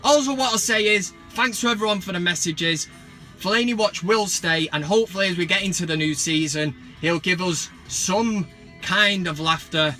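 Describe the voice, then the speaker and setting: Faint music plays behind this man as he rants about football in a comic, sarcastic, sweary way, breaking into mock excitement now and then. He's a football vlogger with a high-pitched voice and a moderate pace.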